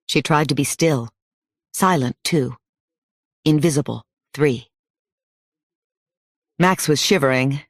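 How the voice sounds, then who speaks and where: A man reading an audiobook in a steady, measured storytelling manner. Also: a little high, no echo, clean studio sound. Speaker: audiobook narrator. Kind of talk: scripted audiobook narration.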